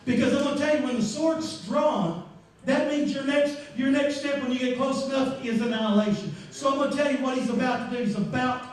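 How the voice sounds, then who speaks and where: A man pastor preaching a sermon, telling a story with lively acted-out voices and sudden shouts. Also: very high-pitched, fairly quick. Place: church sanctuary. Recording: echoey church room, mic far off.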